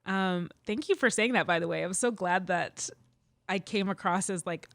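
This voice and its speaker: A woman's voice: lowish voice, moderate pace, dry recording. A young woman from Canada, a musician guest, telling stories animatedly with many "like"s and frequent laughs. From Edmonton, Canada. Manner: animated storyteller, laughs often, lots of "like". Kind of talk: casual interview chat.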